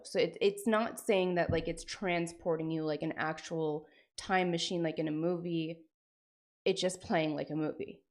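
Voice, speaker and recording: A woman's voice: fairly low pitch, darkish tone. A woman streamer chatting casually with her viewers, rambling and sprinkling in lots of "like" and "frickin'". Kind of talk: casual live-stream chat.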